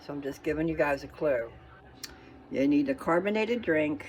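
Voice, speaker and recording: Low-voiced woman chatting folksy to viewers. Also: lively intonation, normal speed, a little mellow, rough recording. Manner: folksy, chatty, keeps checking in with "okay?". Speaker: vlogger. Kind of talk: casual chat to viewers.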